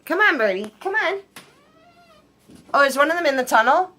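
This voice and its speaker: A woman's voice: sits high, expressive, moderate pace, bright, forceful tone. A woman at home filming her pets on a phone, talking playfully to her bird and laughing often. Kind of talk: casual chat to pets while filming.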